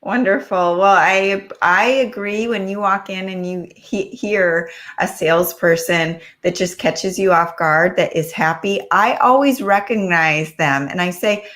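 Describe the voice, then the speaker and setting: A woman hosts a relaxed interview and answers her guest with agreeing replies. She speaks slowly at a middle pitch. She is heard over a video call. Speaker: show host. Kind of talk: casual interview chat.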